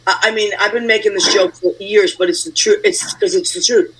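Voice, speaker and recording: A man hosting a casual online chat show, chatty and excitable. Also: high voice, brisk, gravelly, a little hiss or hum, poor audio. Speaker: host.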